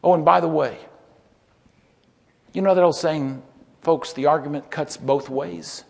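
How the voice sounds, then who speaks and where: A man giving a sermon-style Bible lecture, telling stories emphatically and building to loud peaks. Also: fairly high pitch, fairly even intonation, a little slow, gravelly. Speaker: lecturer, preacher. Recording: long hall reverb.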